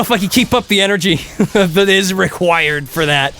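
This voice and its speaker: A man chatting casually to his chat while playing an action game, getting loud and excited during fights. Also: sits high, moderate pace, a little hiss or hum. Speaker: game streamer.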